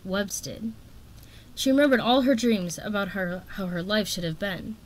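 A woman reading a fantasy novel aloud. Her narration is steady and expressive, at an average pitch for a woman. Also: moderate pace. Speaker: audiobook reader.

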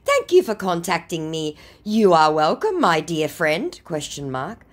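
Woman putting on a high, pleading male scammer. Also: big pitch swings. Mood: fawning. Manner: pleading, syrupy, slow and high.

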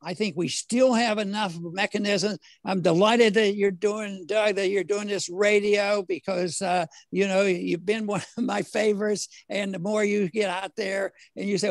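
An older man, a former congressman, talking as an interview guest in a halting way with many fillers, restarts and the odd chuckle. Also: high-pitched, gravelly, dry recording. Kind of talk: casual interview conversation.

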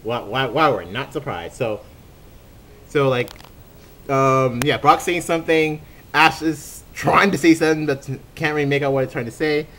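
A man's voice: on the high side, moderate pace, fairly bright tone, slight background noise. A man rambling through an improvised fan photo dub, full of fillers and restarts. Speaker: fan dubber, channel host.

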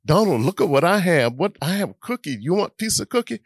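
Excited hungry little boy, voiced by an older man, high squeaky voice, lilt. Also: fast talker, breathy edge, dry recording, clean studio sound, full character voice. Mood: eager. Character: eager hungry five-year-old boy.

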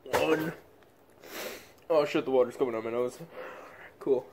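A man's voice: mid-range voice, a little slow, gravelly, a little mellow, a little hiss or hum. A man vlogging casually, swearing constantly with blunt running commentary. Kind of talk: casual self-filmed vlog.

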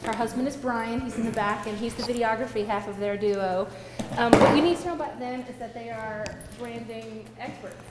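A woman's voice: on the high side, brisk, hardly any pauses. A woman hosting a seminar, introducing the next speaker in a conference hall with some hesitant fillers. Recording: echoey hall with clear background noise.

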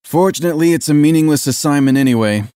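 A man's voice: medium pitch, a little fast, dry recording, clean studio sound, natural voice. A man voicing a scornful, bossy police lieutenant who speaks curtly and with contempt. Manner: curt, contemptuous, shouting.

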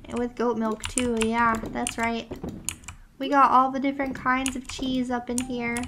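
This young woman's voice sits on the high side, with a level tone and measured pace over a noisy background with game music behind. She's a VTuber playing a farming game, chatting sleepily and playfully with her chat in gamer slang.

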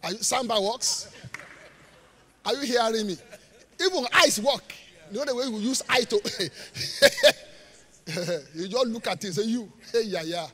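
High, lively pastor preaching live. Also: male voice, a little slow, pauses often, breathy edge. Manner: call-and-response, leaves gaps for the congregation to finish verses; jokes and laughs with the congregation. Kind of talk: live sermon. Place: church auditorium. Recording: live church hall reverb.

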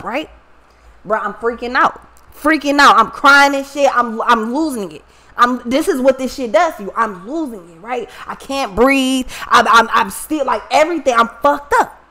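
A woman talks straight to her viewers in a high, bright voice. She tells her story bluntly and with plenty of swearing, animated and casual. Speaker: tarot reader and channel host.

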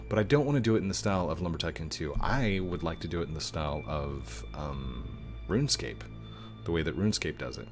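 A man in his thirties, a gaming YouTuber, answering viewer questions in a rambling, casual way that swings from somber to excited. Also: deep voice. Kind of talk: casual Q&A chat. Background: faint music.

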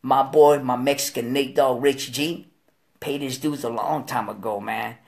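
A Delaware man hosts a casual live-stream chat, his medium-pitched voice a little slow with some vocal fry. He talks in slangy, profane street style, spinning animated stories full of voiced impressions.

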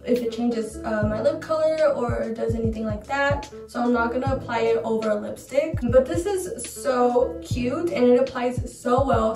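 Gushing young woman, echoey and distant. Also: a little high. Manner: gushing, excitable, dramatic. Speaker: beauty vlogger. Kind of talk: casual makeup review. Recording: roomy echo, mic far off.

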